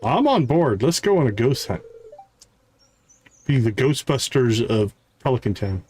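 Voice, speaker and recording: A man streaming a farming game, reading its character dialogue aloud with varied voices and adding quick asides. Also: medium pitch, very animated, darkish tone, husky.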